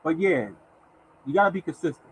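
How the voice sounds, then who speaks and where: This lottery show host has a slightly high voice and a brisk delivery, muttering quietly to himself as he searches. On his casual live stream he chats with viewers, greets them by name, and announces winning numbers. The rough recording carries slight background noise.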